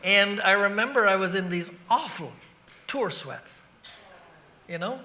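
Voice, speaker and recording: A middle-aged Irish man, a rock singer being interviewed, telling animated stories that wander off on tangents and act out scenes with sound effects. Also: sits high, unhurried, heavy background noise. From Ireland. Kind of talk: anecdotal interview storytelling.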